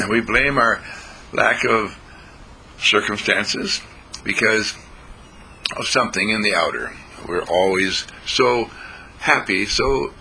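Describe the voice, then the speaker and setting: A man giving an inspirational daily thought in a slow, deliberate, folksy manner, often clearing his throat. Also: deep voice, bright, forceful tone, slight background noise, low-quality recording. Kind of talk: inspirational radio talk.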